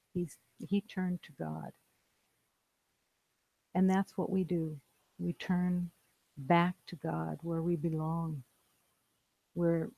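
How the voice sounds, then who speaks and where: A spiritual teacher giving a slow, meditative talk in calm, repeated declarations. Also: mid-range voice, creaky, no echo, low-quality recording. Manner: calm, repetitive, declarative phrasing.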